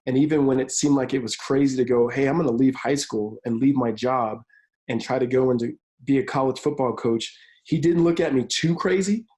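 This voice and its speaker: Mellow-voiced man in his thirties. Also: mid-range voice, rough recording. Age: 30s. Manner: energetic storyteller, quick bursts. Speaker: college football analyst and pastor. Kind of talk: remote interview.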